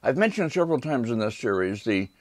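In a lecture hall, an older man reads an art history lecture from a prepared script, calm and measured, pausing briefly to ask for the next slide. His voice is medium-pitched and the recording is dry.

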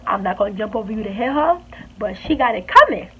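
A woman's voice: medium pitch, animated, fast talker, narrow, tinny audio, a little hiss or hum, close to an everyday voice. A woman quoting a blunt, angry teenage girl in a storytime vlog, in a near-everyday voice. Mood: firm.

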